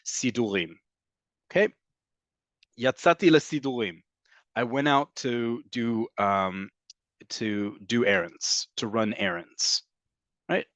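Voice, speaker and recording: A man's voice: medium pitch, no echo. A man teaching Hebrew vocabulary in an online class, explaining patiently with fillers and frequent "okay?" checks. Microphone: computer mic on a video call.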